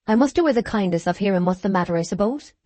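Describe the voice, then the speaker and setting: A woman reading an audiobook, voicing a determined young working man in her own mid-pitched voice. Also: lively intonation, fast, mellow, no echo, natural voice. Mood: firm. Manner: firm, determined.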